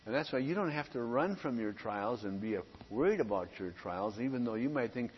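A man's voice: mid-range voice, animated, a little fast, few pauses. A male pastor preaches in an earnest, conversational way, stopping often between phrases. The sound is dull and muffled. A long hall reverb trails behind every word, with a faint hiss underneath. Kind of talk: sermon.

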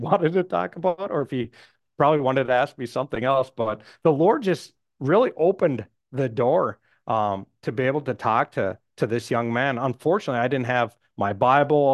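A man's voice: medium pitch, no room sound, clean studio sound. Rambling man retelling a missionary encounter. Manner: rambling, many "um"s and "I said"s. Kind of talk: casual storytelling testimony.

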